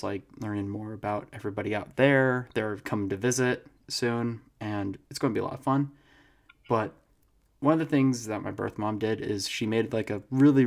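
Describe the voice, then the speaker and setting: A man's voice: lowish voice, vocal fry. Young guy cohosting a podcast, casual chat, lots of laughing. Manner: laughing, animated storytelling. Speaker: podcast co-host.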